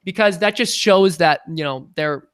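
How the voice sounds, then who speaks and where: A young man chats his way through a livestream question session, talking casually and making jokes. His voice sits a little high and sounds bright and forceful. The recording is dry, with no room sound. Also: normal speed, smooth, no room sound. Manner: chatty, joking, breaks into voices. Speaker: channel host answering viewer questions.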